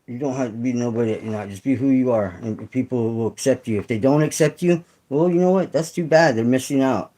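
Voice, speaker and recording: A man's voice: mid-range voice, a little fast, hardly any pauses, mellow, low-quality recording. A middle-aged man hosting a casual livestream chat with viewers, rambling and swearing, full of fillers and restarts. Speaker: channel host.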